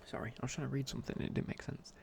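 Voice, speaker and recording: A man's voice: mid-range voice, fairly even intonation, very fast, creaky, darkish tone, a little hiss or hum. A young man telling a rambling casual story in a whispered ASMR chat. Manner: rambling, casual, many fillers and restarts. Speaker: ASMR creator.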